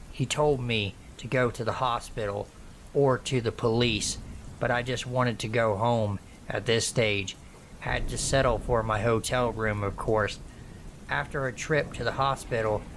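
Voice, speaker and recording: A male horror-story narrator reading a first-person account in a measured, somber voice. His mid-range voice moves at an unhurried, deliberate pace, with a faint hiss of noise underneath. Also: medium pitch, fairly bright tone. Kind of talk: scripted narration of true scary stories.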